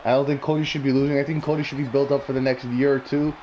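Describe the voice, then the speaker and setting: A man's voice: medium pitch, flat delivery, racing, dark tone, a little hiss or hum. A man talking casually and bluntly, rambling through opinionated predictions with plenty of swearing. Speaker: wrestling commentary vlogger.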